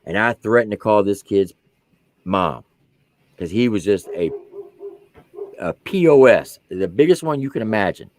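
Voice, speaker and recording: A man in his forties, an army veteran, telling a profane comic story with animated swings between low asides and loud punchlines. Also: measured pace, pauses often.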